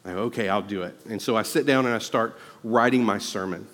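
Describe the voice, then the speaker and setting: A male pastor preaching a sermon, telling a personal story earnestly and rising to loud, emphatic exhortation. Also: fairly low pitch, fairly quick, in a large hall.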